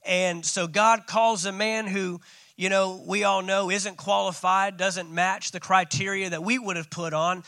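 A man's voice: high voice, fairly even intonation, a little slow, bright, forceful tone, dry recording. A man preaching a sermon as pastor, calling out to his congregation. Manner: preaching with call-outs.

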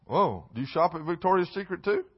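A man preaching a sermon in a church, mixing loud emphatic lines with comic asides. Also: high voice, lively intonation, brisk, slightly rough, dull audio. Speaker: pastor. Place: church sanctuary.

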